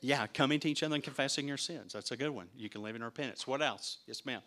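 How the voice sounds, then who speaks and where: Talking fast with a medium-pitched, bright and forceful voice, this pastor delivers a conversational, interactive teaching sermon. He puts questions to the audience and repeats words at the start of his sentences.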